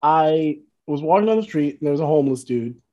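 A man's voice: a little high, expressive, brisk, lo-fi sound. A man telling stories in a casual chat and laughing often. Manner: laid-back storyteller, laughs often. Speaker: musician guest.

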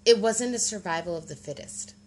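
A woman's voice: mid-range voice, lively intonation, brisk, slight background noise. A woman chatting casually as a podcast co-host, explaining her points and often checking in with "right?". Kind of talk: casual conversational chat.

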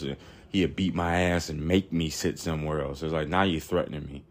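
A man's voice: sits low, fairly even intonation, brisk. A man in his thirties hosting a podcast, telling a long story in a rambling, blunt and profane way, full of fillers. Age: 30s. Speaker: podcast host.

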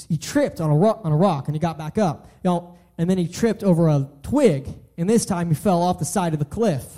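A man's voice: on the high side, mellow. A young man giving an earnest sermon, often restarting and repeating his phrases. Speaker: preacher.

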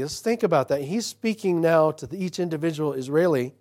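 A man preaching from the pulpit of a church, his voice sitting a little higher than most men's. He drops to a soft, confiding tone to tell a story, then rises loud and emphatic to press home a verse. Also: quick pace, hardly any pauses. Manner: preaching, swinging from quiet storytelling to loud emphatic scripture lines. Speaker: pastor. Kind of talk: sermon.

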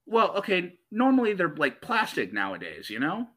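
A man hosting a podcast, telling animated, profane stories in casual chat. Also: sits high, moderate pace, a loud crowd. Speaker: podcast host.

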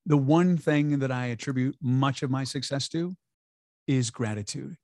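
A man's voice: mid-range voice, normal speed, a little mellow, no room sound, studio quality. A man talking as an interview guest, upbeat and emphatic, sometimes acting out quoted voices. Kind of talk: conversational interview.

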